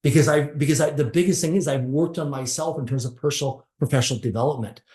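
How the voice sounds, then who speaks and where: A man's voice: a little high, fast talker, darkish tone. Emphatic middle-aged man, roomy echo. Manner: emphatic, stacks short repeated phrases. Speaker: podcast guest. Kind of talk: motivational storytelling in an interview.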